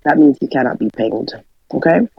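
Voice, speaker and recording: A man's voice: medium pitch, animated, normal speed, creaky, husky, no room sound, dull audio. A man co-hosting a casual chat, speaking in a firm, matter-of-fact way.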